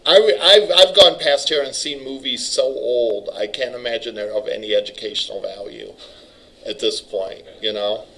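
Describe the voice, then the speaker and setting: A middle-aged male instructor giving a classroom lecture in a loose, chatty way. His voice is bright and forward, and he often breaks off mid-sentence to start again. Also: medium pitch, moderate pace, poor audio. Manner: rambling, casual, self-interrupting. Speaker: college instructor.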